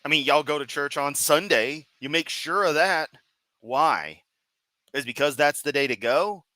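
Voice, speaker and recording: A man's voice: on the high side, lively intonation, moderate pace, sharp tone, no echo, poor audio. A man giving sarcastic, profane reaction commentary as a streamer, mocking what he hears. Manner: sarcastic, mocking, swears constantly.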